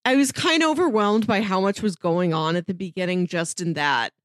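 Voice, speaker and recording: A woman of middle pitch talks casually as a podcast co-host, peppering her sentences with "like". Her voice sits close and dry with no room sound. She laughs lightly between phrases. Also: fairly quick, no echo. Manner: filler-heavy, says "like" often, laughs mid-sentence. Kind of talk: casual chat.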